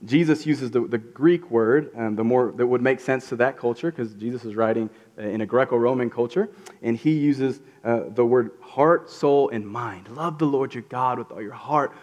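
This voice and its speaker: A man's voice: mid-range voice, a little mellow, muffled recording. A man preaching a casual sermon in a conversational way, acting out quotes in voices. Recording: reverberant hall.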